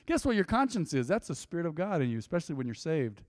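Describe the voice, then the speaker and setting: A man preaching a sermon, swinging between loud swells and quiet, intimate drops. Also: on the high side, sing-song, fast talker, no room sound, studio quality. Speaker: pastor. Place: church.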